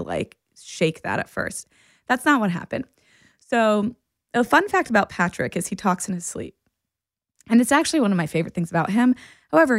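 Woman podcast host telling a story, lively, keeps laughing, dry close mic. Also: on the low side, no room sound. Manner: animated, laughs often while telling stories. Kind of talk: casual storytelling chat.

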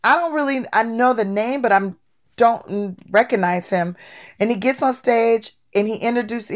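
Lively woman telling her own stories. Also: fairly high pitch, normal speed. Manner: lively, acts out quoted people. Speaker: guest. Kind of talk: casual storytelling.

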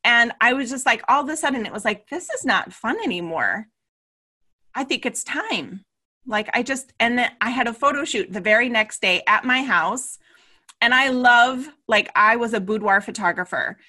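A woman guest in an interview, a business mentor telling her story in a lively way and acting out the voices she quotes. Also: a little high, normal speed. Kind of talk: casual interview chat.

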